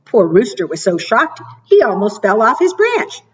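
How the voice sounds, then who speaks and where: A woman, a children's librarian, reading picture books aloud at preschool storytime, gentle and encouraging, often asking the children questions. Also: mid-range voice, very animated, moderate pace, slightly rough, recorded from a distance, dull audio.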